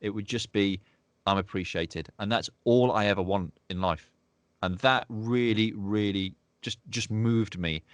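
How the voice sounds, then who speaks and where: A man's voice: on the low side, fairly even intonation, a little slow, no room sound. A man, a podcast guest, chatting casually and emotionally, often repeating his words. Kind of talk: casual interview chat.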